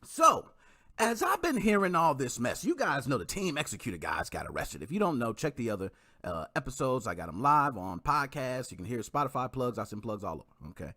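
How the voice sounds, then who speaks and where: A man hosting a casual livestream, animated and talking straight to his viewers while he greets the chat. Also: medium pitch, brisk. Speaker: livestream host.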